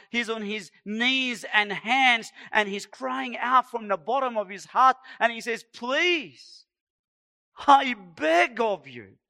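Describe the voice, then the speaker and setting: Male preacher with a raised, bright tone; slow, pleading, emphatic sermon. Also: sits high. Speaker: pastor.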